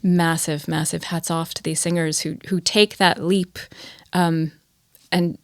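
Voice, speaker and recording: A woman with a lowish voice, from Long Island, New York, talks things through as a podcast guest. Her speech is musing and rambling, full of restarts. The sound is dry and close. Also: level tone, measured pace, dry recording. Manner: thoughtful, musing, loose with fillers and restarts. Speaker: guest writer. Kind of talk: casual podcast conversation.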